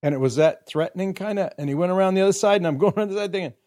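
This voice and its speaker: A man's voice: sits high, very fast, dark tone. A middle-aged man casually telling a long personal story, acting out quotes and often laughing.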